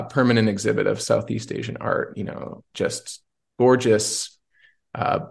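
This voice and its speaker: A man's voice: medium pitch, creaky. A man hosting a podcast who tells a personal story in an earnest, searching way, often restarting his sentences. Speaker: podcast host. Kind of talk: reflective personal storytelling in conversation.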